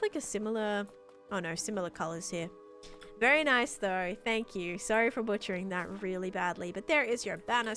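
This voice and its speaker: A woman's voice: a little high, fairly bright tone. A woman chatting casually and bubbly on a live stream while playing, thanking her viewers. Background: faint background music.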